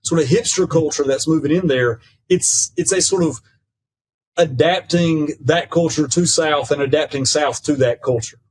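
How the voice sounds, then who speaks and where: A man speaking as a podcast guest and professor, in a measured, lecturing way that mixes academic phrasing with folksy "ain't" and frequent "right?" checks. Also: a little high, a little mellow, husky, low-quality recording. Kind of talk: conversational lecture.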